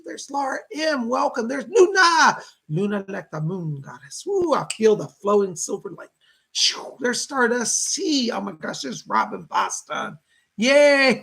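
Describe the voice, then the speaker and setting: A man in his fifties hosting a casual psychic livestream, chatting warmly with viewers and greeting them by name. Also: very high-pitched, vocal fry, husky. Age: 50s.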